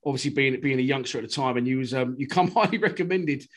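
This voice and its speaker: Fast-talking man interviewing a guest. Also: medium pitch. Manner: quick, chatty, fan-like questions. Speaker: podcast host, interviewer. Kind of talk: casual interview.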